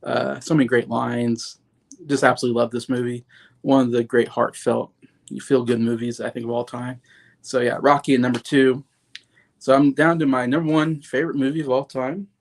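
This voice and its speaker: A man's voice: medium pitch, gravelly. A man in his thirties talking casually about favorite films, rambling with lots of "like" and "you know" and gushing with enthusiasm. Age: 30s. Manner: enthusiastic, openly sentimental. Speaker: movie reviewer. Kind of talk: casual movie commentary.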